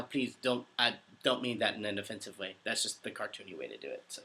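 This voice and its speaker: A man in his twenties chatting casually on a livestream, answering viewer comments in an upbeat, easily excited way. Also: lowish voice, quick pace, hardly any pauses. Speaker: voice actor hosting a livestream.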